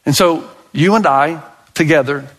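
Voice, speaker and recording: A man's voice: unhurried, a bit bright. A middle-aged man preaching a sermon to a congregation, talking straight to his listeners and growing impassioned when he tells stories. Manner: impassioned, rising pitch when telling stories; addresses congregation directly, leads repetition. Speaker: pastor.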